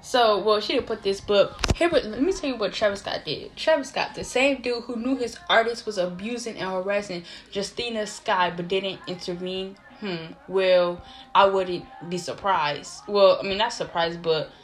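A woman ranting, profane and animated, rambling with lots of fillers and self-interruptions. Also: mid-range voice, normal speed. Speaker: vlogger. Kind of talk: casual opinion rant to camera.

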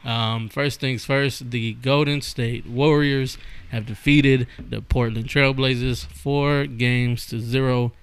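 A playful male podcast host in casual banter, quick to laugh and tripping over his words as he goes. His voice sits at an ordinary middle pitch. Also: fairly even intonation, clear, resonant tone.

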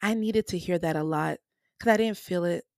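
A woman's voice: on the low side, moderate pace, a little mellow, no room sound, studio quality. A woman hosting a personal faith podcast, speaking earnestly and emotionally and repeating phrases for emphasis, with features. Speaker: podcast host. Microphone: podcast microphone.

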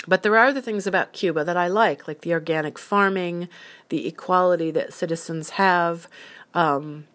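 Earnest low-voiced woman sharing opinions. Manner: earnest, opinionated, explains with examples. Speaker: solo commentator. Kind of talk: casual opinion monologue.

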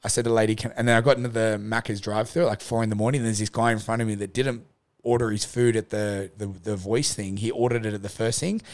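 Fast-talking man telling a story. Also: on the low side. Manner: animated, swearing, mimics his own thoughts. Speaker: podcast host. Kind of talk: casual storytelling chat.

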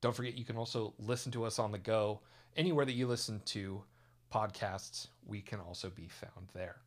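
A man from California co-hosting a theme park podcast, relaxed and casual with dry humor. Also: fairly low pitch, moderate pace. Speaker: podcast co-host. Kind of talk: casual chat.

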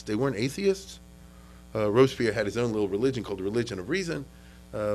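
Over a rough recording, a US man speaks at medium pitch while giving a conversational history lecture. Frequent restarts and repetitions mark his speech, and he checks in with "okay?" and "you understand?"

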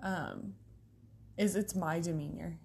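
Woman co-host, breathy, giggly, laughs through her own stories. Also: lowish voice, slow pace, darkish tone. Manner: giggly, laughs often while talking. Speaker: podcast co-host. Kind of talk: casual chat.

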